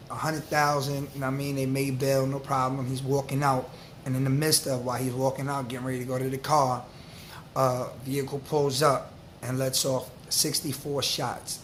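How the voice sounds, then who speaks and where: A man, telling a story to camera in a loose, slang-filled, animated way. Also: medium pitch, a little hiss or hum. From New York. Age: 40s. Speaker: vlogger.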